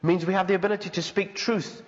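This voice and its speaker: A man's voice: high voice, fairly even intonation, quick pace. A man preaching a sermon as pastor, earnest and conversational, acting out the voices he quotes. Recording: dull sound with long hall reverb.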